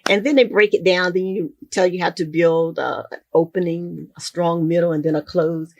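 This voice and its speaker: An older woman speaks in a low, slightly husky voice. She tells her stories at an easy conversational pace. Now and then she acts out bits of dialogue. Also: fairly even intonation, moderate pace, dry recording, muffled recording. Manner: warm storytelling, acts out quoted dialogue. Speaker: guest. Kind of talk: casual interview conversation.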